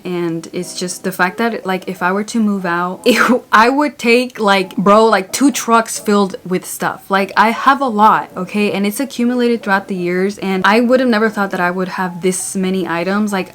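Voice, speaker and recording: A young woman vlogging from her bedroom, her voice sitting a little low for a woman. She talks in a chatty, candid way, full of "like" and sudden playful bursts. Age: young adult. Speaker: YouTuber. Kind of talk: casual vlog monologue.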